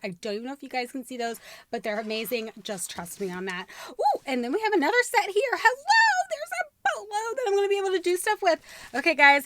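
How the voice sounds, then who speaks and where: A woman hosting a crafting unboxing vlog, gushing, gasping and squealing with excitement over each item. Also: high-pitched. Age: adult with a young son. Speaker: crafting channel host.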